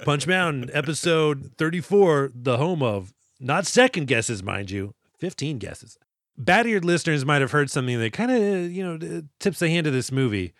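A man's voice: on the high side, very animated, moderate pace, fairly bright tone, no room sound, studio quality. A man co-hosting a casual comedy podcast, jokey and self-deprecating, swearing freely. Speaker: podcast co-host.

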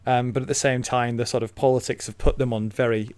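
A man talks casually through a podcast chat, stopping often with ums and starting his sentences over. His voice sits at an ordinary pitch, recorded dry and close to the mic with no room sound. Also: little pitch movement, quick pace, darkish tone, clean tone, no room sound. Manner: hesitant, many fillers and restarts. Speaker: podcast co-host.

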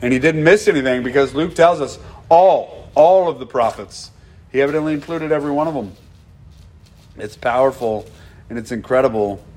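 A man preaching a conversational, animated sermon as a pastor. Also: mid-range voice, moderate pace. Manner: animated, conversational, acts out quoted dialogue.

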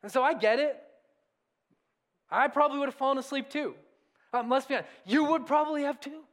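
A pastor with a very high, fairly bright voice preaches briskly in a conversational, self-deprecating way, posing rhetorical questions.

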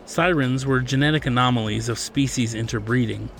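Gravelly male audiobook narrator. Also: medium pitch, fairly quick, faint music behind. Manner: steady storytelling, plays character lines lightly. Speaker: author and podcast narrator.

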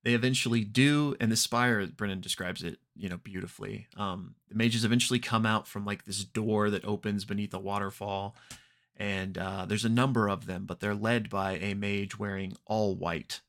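A man hosting a podcast, casually recapping an actual-play episode with many ums and quick acted-out quotes. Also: lowish voice. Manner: relaxed, unhurried retelling with frequent ums and throat clearing; briefly acts out characters' lines in quoted voices.

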